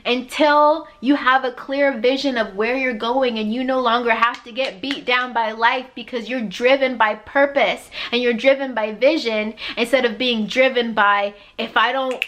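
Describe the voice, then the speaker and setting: A woman's voice: fairly even intonation, moderate pace, hardly any pauses. A woman giving a motivational spiritual talk as a life coach, emphatic and repetitive with a chatty "like". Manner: emphatic and preachy, acting out God's voice with loud high swoops; repetitive, conversational, with frequent "like". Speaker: life coach and podcast host.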